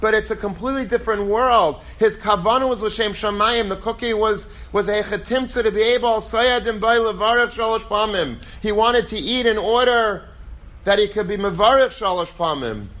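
A man teaching a Torah class as a rabbi, telling stories in a lively way and acting out quoted voices. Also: high voice, moderate pace. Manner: animated, acts out quoted voices; lively storytelling, peppered with Hebrew and Yiddish terms.

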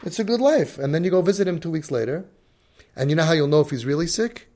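A man's voice: fairly high pitch, fast talker, darkish tone. Emphatic man giving a religious lecture. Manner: emphatic, acts out quoted voices. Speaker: parenting coach.

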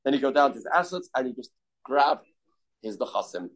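A man's voice: medium pitch, expressive, a little fast, poor audio. Man teaching a daily Talmud class. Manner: loose, repetitive explaining with restarts and Hebrew-Aramaic terms.

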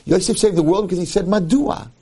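A husky-voiced rabbi delivers a story-driven Torah lecture, his pitch swinging widely as he goes. He acts out each person in the tale and hammers home his main points by repeating them. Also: brisk. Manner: animated, acts out the people in his stories; emphatic, repeats key points.

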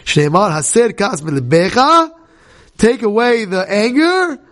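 Lively high-voiced rabbi teaching. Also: male voice, a little slow. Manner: animated, acts out shouting examples, mixes Hebrew quotes with English. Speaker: rabbi teaching a Torah class. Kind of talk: lively Torah class.

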